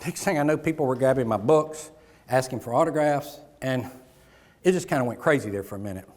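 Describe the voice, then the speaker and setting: A man's voice: medium pitch, a little fast. A middle-aged man giving a motivational keynote, telling stories and acting out dialogue with the audience on stage. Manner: animated, acts out dialogue with audience. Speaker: keynote speaker. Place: large conference hall on stage. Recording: live hall with long reverb.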